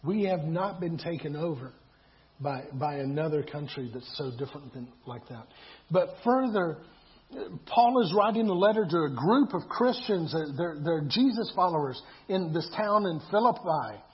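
A man's voice: a little high, expressive, normal speed. A man preaching a sermon in a conversational way, repeating himself and asking rhetorical questions. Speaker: pastor. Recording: dull lo-fi sound.

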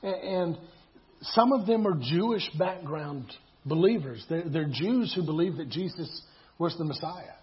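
A pastor with a slightly high voice and lively intonation preaches in a conversational, unhurried way, repeating himself and posing rhetorical questions. The recording has a dull, lo-fi sound.

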